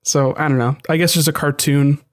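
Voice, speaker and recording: A man's voice: on the high side, steady tone, a little fast. A young man co-hosting a podcast in casual chat, rambling with frequent restarts and asides. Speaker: podcast co-host.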